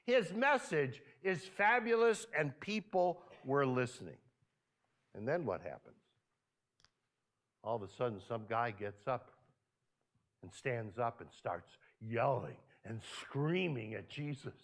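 A man's voice: medium pitch, very animated, slow pace, gravelly, long pauses. A male pastor preaching a sermon in church, talking conversationally and peppering the congregation with questions. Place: church sanctuary.

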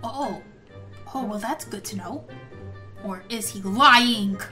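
A woman's voice: mid-range voice, slow pace, sharp tone, faint music behind. A woman hosting a game role-play video, playing a kid and reacting dramatically with gasps and exclamations. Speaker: gaming channel host.

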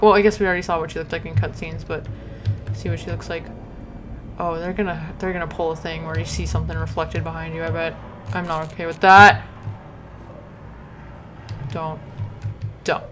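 A woman commenting on her horror gameplay, nervous and easily startled, often talking back to the game. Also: fairly low pitch. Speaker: let's play host.

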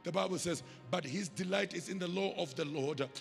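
A man's voice: high-pitched, brisk, vocal fry, faint music behind. A South African man preaching a sermon as pastor. He uses rhythmic call-and-response and emphatic delivery, recorded in a church hall with long reverb.

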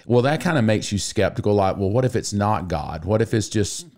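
Deep-voiced joking middle-aged pastor. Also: male voice, a little fast. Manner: animated, joking storyteller. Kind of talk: casual podcast chat and scripture reading.

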